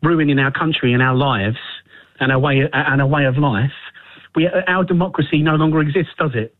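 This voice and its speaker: Man, caller, impassioned, stumbling restarts, tinny phone line, slightly high voice. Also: moderate pace.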